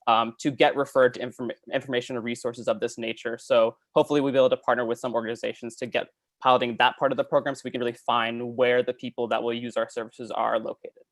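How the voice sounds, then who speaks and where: A man fields questions about his startup over a video call, talking fast and earnestly with plenty of ums. His voice is mid-pitched and the sound is dry and close. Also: no echo. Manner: fast, many fillers, earnest. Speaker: startup founder answering questions. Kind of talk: Q&A answers after a pitch.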